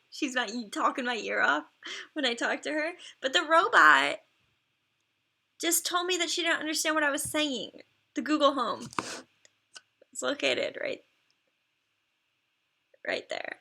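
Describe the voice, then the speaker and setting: Woman, live streamer, high voice, chatty, effusive praise, laughs a lot. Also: vocal fry, sharp tone. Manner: laughs often between remarks. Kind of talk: casual live-stream commentary.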